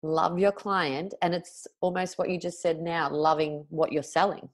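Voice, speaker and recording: Low-voiced woman hosting a podcast, agreeing and summing up what the guest says. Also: little pitch movement, moderate pace. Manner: warmly affirming, summarizing the guest's points. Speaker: podcast host. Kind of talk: conversational podcast interview.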